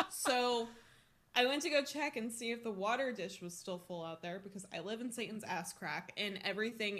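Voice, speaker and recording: A young woman co-hosting a podcast, telling a story in a casual, animated way, with lots of swearing and laughter. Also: mid-range voice. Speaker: podcast co-host.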